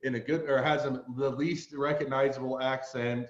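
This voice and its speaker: This Utah-born podcast host, speaking with a Utah American accent, conducts a casual interview in a mid-range, steady voice at normal speed. The sound is lo-fi and reverberant, and he tends to ramble off onto tangents.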